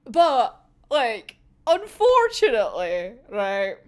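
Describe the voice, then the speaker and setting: A woman's voice: on the high side, huge pitch swings, slow, a little mellow. A young woman in casual, sweary reaction chat, giggling often as she talks. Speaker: manga reaction vlogger.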